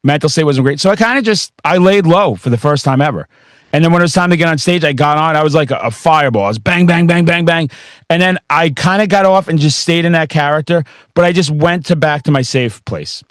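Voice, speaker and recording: A man hosting a podcast, chatting casually and excitedly with a rambling flow. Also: a little high, brisk, dry recording, studio quality. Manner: excitable, rambling, with bursts of laughter. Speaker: podcast host. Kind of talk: casual interview chat.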